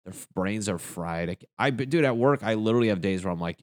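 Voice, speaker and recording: A man's voice: fairly low pitch, expressive, fast, no echo, clean studio sound. A young man doing a crude, rambling stand-up comedy rant. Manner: crude, rambling, jumps into silly voices.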